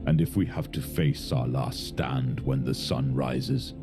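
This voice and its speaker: A man voicing a gravelly, grim gladiator chief. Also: extremely low pitch, steady tone, a little slow, music in the background. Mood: grim resolute. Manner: gravelly, resolute. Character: grim defiant male gladiator leader, hardened. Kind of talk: animated narrative voice acting.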